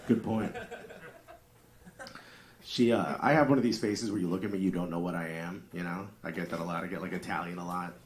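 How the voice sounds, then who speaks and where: A man's voice: deep voice, fairly even intonation, brisk, pauses often. A man doing a stand-up comedy set, talking wryly and casually and working the crowd. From US East Coast. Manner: wry, conversational, crowd work. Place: comedy club with live audience. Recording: live club audience laughter.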